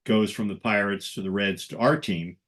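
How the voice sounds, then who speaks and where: An older man with a lowish voice tells his stories with relish. He slips into the voices of the people he quotes as a guest in a relaxed conversation. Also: moderate pace. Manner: animated storyteller who acts out quoted voices. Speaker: guest photographer. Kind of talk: conversational storytelling.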